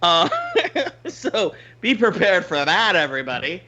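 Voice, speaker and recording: Man, podcast host, bright tense voice, very lively pitch, swears a lot, slightly muffled audio. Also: measured pace. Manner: animated, swears freely, laughs often. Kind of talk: casual storytelling chat.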